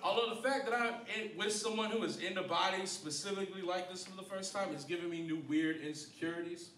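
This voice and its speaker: A wry man in his thirties works through a self-mocking stand-up set, his voice sitting a touch high. He is caught from a distance in an echoey club, with a clear noisy bed behind him. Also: fast talker, fairly bright tone. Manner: wry, self-deprecating, jumps to high-pitched voices for punchlines. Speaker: stand-up comedian. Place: comedy club stage. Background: audience laughter.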